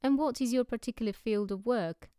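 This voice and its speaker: A woman's voice: a little high, a little fast, warm tone, no echo, studio quality, voice pushed up, natural voice. A woman reading the lines of a middle-aged male editor who is cautious, polite and uneasy.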